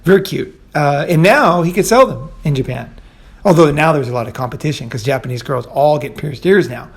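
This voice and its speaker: A man with a gravelly edge and a slightly higher pitch than most men, talking off the cuff. He rambles through anecdotes with frequent fillers, swearing casually and chuckling at his own stories. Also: fairly quick. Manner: rambling, loose, with many fillers and asides. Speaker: podcast host. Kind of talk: casual storytelling monologue.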